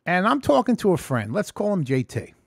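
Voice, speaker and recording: A man's voice: sits high, wildly swooping pitch, a little fast, gravelly, husky, no echo, clean studio sound. Profane New man telling a story. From New York. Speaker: vlogger. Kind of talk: casual storytelling vlog. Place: room at home. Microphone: close mic in front.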